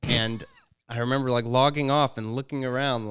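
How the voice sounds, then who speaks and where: A man's voice: medium pitch, steady tone, moderate pace, a bit bright, smooth. A young adult man co-hosting a podcast, telling irreverent jokey stories in casual chat. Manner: joking, irreverent storytelling. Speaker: podcast co-host.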